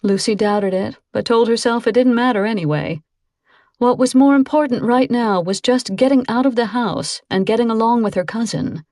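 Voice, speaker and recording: A woman's voice: a little high, a little mellow, no room sound, clean studio sound. Woman narrating a suspenseful audiobook. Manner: measured, suspenseful reading. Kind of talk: scripted narration.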